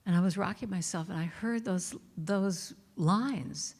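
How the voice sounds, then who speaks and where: In a church sanctuary with long hall reverb, a middle-aged guest speaker delivers a sermon woven with chants, telling warm stories and singing lines of them softly. Her voice is on the low side, husky, and a little slow.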